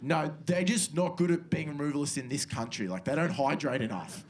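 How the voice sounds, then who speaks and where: Laid-back Australian stand-up comedian. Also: male voice, a little high, a little fast, background noise. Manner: casual, laid-back, slangy delivery with muttered asides. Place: comedy club stage with a laughing audience. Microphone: handheld stage mic.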